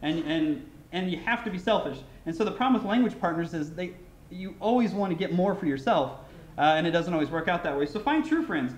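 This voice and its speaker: A man's voice: high-pitched, lively intonation, fairly quick, roomy sound. An American man giving a casual, anecdote-filled keynote speech at a conference, often restarting sentences and using fillers. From United States. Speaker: keynote speaker. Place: large conference hall.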